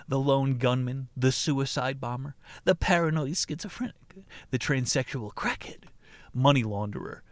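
A man hosts a podcast, reading book passages aloud in a deadpan voice of ordinary pitch. Between passages he drops into casual, profane commentary and laughs at the material. The recording is dry and close, with no room sound. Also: no room sound. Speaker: podcast host.

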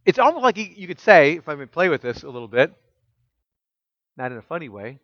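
High-voiced preaching man, rhetorical. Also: big pitch swings, a little fast, long pauses, no echo, highs cut off. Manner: emphatic, full of rhetorical questions, drops soft when quoting scripture. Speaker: pastor. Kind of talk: sermon.

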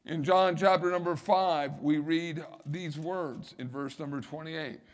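A man's voice: fairly high pitch, steady tone, measured pace. A middle-aged male pastor preaching a sermon, building emphasis and repeating key phrases.

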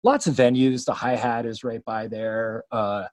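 A man's voice: mid-range voice, little pitch movement, a little slow, a little mellow, no room sound. Chatty man hosting a podcast, dry sound. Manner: meandering, chatty, lots of fillers. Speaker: podcast host interviewing a musician. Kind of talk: casual chat.

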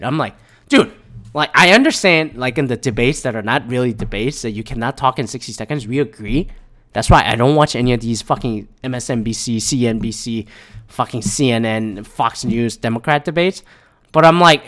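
A man's voice: mid-range voice, fairly bright tone. Rambling, profane man ranting. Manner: rambling, profane, repeats words as he restarts. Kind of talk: casual political rant.

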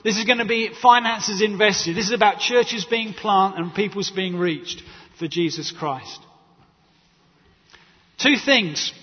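A man's voice: high voice, breathy edge. A man preaching a sermon in a church, telling stories and acting out quotes. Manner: animated storytelling with acted quotes and laughter. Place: church hall. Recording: dull echoey church sound.

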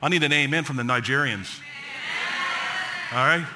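A man preaching a sermon to his congregation, shifting between emphatic lines and low, quiet passages. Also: normal speed, background noise. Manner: dramatic preaching, drops low and soft for quoted words of God; joking with the congregation. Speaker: pastor.

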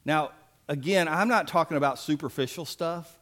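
High-voiced folksy preacher. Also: male voice, moderate pace, a bit bright. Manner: folksy, emphatic preaching with playful asides. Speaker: pastor. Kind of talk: sermon.

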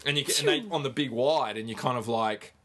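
A man hosting a casual footy podcast, chatty and sweary. He spins stories at a mid pitch and talks freely. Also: big pitch swings, fairly quick, fairly bright tone. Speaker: podcast host. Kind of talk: casual sports chat.

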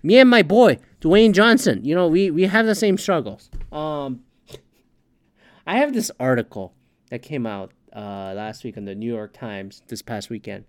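Profane man ranting with lively pitch. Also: measured pace, dry recording. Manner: profane, heated, sarcastic ranting. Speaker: podcast host. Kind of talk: casual ranting commentary.

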